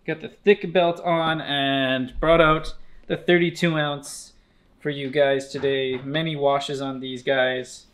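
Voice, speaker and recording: A man casually walking through his outfit in a store vlog, relaxed and chatty with plenty of hesitations. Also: mid-range voice, slow pace. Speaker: store staff member. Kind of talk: casual fit-check vlog.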